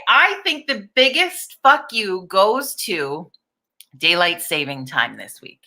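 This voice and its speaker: A middle-aged woman runs a casual live-stream chat in a lowish, sing-song voice that is pushed and bright. She takes her time, talks openly, swears freely and calls out viewers by name.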